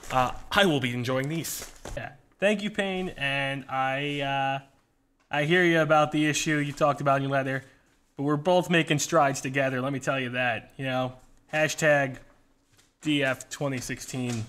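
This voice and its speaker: A male channel host chatting casually while unboxing fan mail, excitable and rambling with plenty of jokes. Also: mid-range voice, moderate pace, clear, resonant tone.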